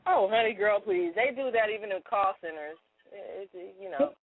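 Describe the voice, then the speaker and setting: A woman's voice: medium pitch, animated, moderate pace, no room sound. A woman co-hosting a radio show, telling stories in a chatty way and laughing often in casual comedic chat. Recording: dry, phone-like narrow sound.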